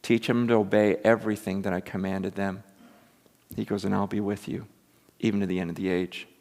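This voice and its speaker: A man preaching a sermon in a lively, animated way, acting out quotes and building to loud, excited peaks. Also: lowish voice, a little fast. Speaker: pastor. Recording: long reverb of a large hall.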